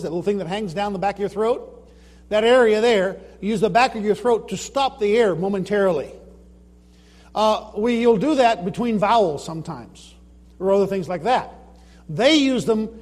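A man with a high-pitched, slightly mellow voice gives an informal presentation on his Bible translation work, and the audio has a long reverb tail. He explains points, poses rhetorical questions to the audience, and retells his own anecdotes.

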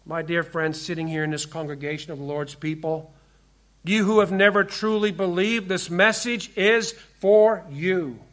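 A man preaching a sermon in earnest tones, often slowing and dropping quiet and low for emphasis. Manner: quotes scripture with slow, stressed delivery. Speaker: pastor.

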